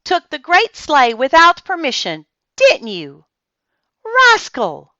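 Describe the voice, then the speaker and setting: A woman voicing a gruff, grumpy old man who barks short, curt replies in a read-aloud storybook. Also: high-pitched, very animated, takes it slowly, bright, forceful tone, no room sound, muffled recording, pitched above the performer's own voice, exaggerated voice. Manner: barking, curt.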